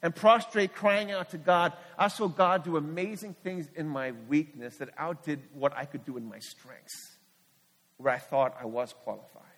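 A middle-aged man with a fairly high voice preaches a candid, personal testimony, often restarting his sentences as he goes. His words ring out with a long reverb trail from a large church hall. He speaks as a missionary pastor, earnest and plain. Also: moderate pace, a bit bright. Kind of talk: sermon testimony.

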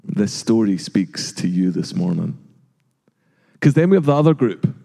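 Middle-aged male preacher, warm mellow tone, earnest sermon delivery, long church reverb. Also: on the low side, big pitch swings, moderate pace, creaky. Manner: earnest, rhetorical questions, acts out quoted voices. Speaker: pastor. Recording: long reverb of a large hall.

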